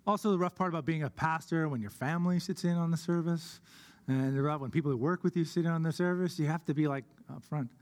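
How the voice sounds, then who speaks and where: A man preaching a sermon as pastor of a church, earnest, slowing down on key words for emphasis. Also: fairly high pitch, a little mellow. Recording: long hall reverb.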